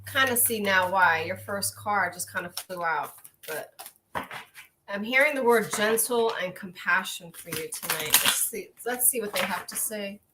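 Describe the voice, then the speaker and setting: A woman coach giving a gentle, earnest oracle card reading on a live stream, rambling a little with restarts. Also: mid-range voice, measured pace, very noisy.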